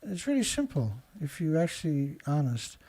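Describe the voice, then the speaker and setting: A man's voice: a little high, big pitch swings, moderate pace, warm tone. A man hosting his own show, reading news headlines aloud and answering them with sarcastic, indignant commentary. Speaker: show host.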